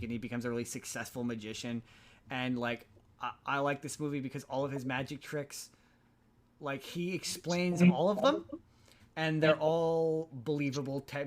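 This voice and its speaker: A man of medium pitch chats casually as a podcast host, recapping a story. He rambles, trips over his words and restarts sentences often. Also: a little hiss or hum. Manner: rambling, frequent restarts and stammered repeats. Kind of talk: casual chat recapping a film.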